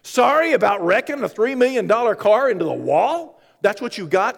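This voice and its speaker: A man's voice: high-pitched, sing-song, normal speed, gravelly, in a large hall. A man preaching a sermon in a conversational way, with joking asides to the congregation. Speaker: pastor.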